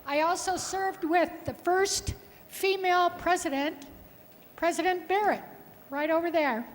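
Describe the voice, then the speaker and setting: A woman senator delivers her farewell from a podium, her voice notably high as she strings together folksy stories and soft chuckles. Her words hang in the long reverb of a big legislative chamber. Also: measured pace. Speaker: state senator. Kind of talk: farewell speech.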